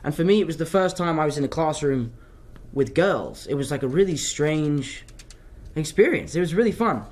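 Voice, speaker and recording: Young actor in a casual interview: upbeat and rambling, with a fairly high voice. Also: male voice, animated, moderate pace, a little mellow. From England. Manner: rambling, upbeat, lots of fillers and restarts. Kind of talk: casual live interview chat.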